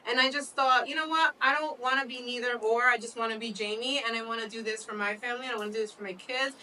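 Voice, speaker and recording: Woman, co-host, casual chat, candid, laughs often, higher voice, faint room noise. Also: steady tone, fast talker, sharp tone, distant mic, rough recording.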